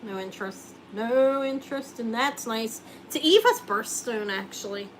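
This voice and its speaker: A woman's voice: on the high side, lively intonation, measured pace, poor audio. Woman host of a live jewelry sale; casual, chatty, joking, slight background noise. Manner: chatty, joking, thinks aloud while showing rings.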